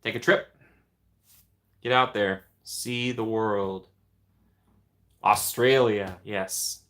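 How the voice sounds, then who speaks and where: A man's voice: lowish voice, fairly even intonation, very slow, fairly bright tone. A man hosting a casual livestream, chatting and answering viewer comments. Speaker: livestream host.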